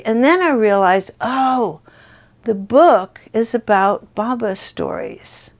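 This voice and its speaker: Creaky-voiced older woman telling a story. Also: a little high. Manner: animated, laughs often, acts out others' lines. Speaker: storyteller sharing a spiritual story. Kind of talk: casual personal storytelling.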